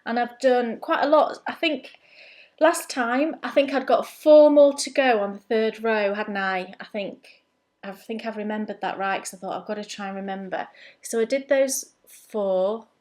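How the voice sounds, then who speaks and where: A woman's voice: fairly high pitch, moderate pace, darkish tone. An English woman hosting a knitting podcast, chatting in a rambling, good-humoured way. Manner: chatty and rambling, often laughing at herself. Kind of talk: casual chat.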